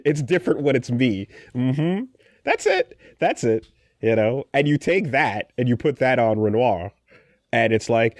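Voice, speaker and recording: A man co-hosting a casual podcast discussion, animated and sarcastic, often restarting his sentences. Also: mid-range voice, a little slow, no echo, studio quality. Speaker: podcast co-host.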